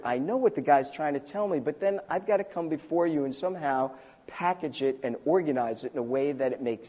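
Older male preacher, conversational sermon with lively pitch swings, folksy asides. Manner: conversational, self-deprecating storytelling with chuckles. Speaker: pastor. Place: church.

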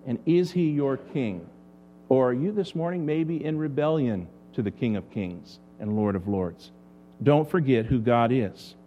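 A man's voice: medium pitch, lively intonation, moderate pace, lo-fi sound, a little hiss or hum. A man preaching a sermon as pastor, asking the congregation rhetorical questions.

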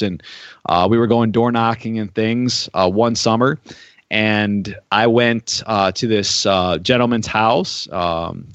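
A man's voice: on the low side, no room sound. A man preaching a sermon, telling stories in a conversational way with frequent filler words. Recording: dry, dull-sounding recording.

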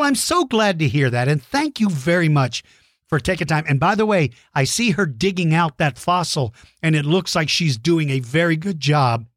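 Animated, high-pitched encouraging man. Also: dry recording, studio quality. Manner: warm, encouraging, playful with kids. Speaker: podcast host reading listener mail. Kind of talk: enthusiastic shout-outs to kids.

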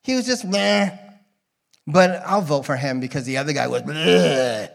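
A man gives a relaxed, off-the-cuff sermon in church, his voice sitting a little high. He jokes with the congregation and drifts into tangents before pulling himself back. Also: unhurried, vocal fry. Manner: rambling, joking, drifting into tangents. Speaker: guest preacher. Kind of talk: casual conversational sermon.

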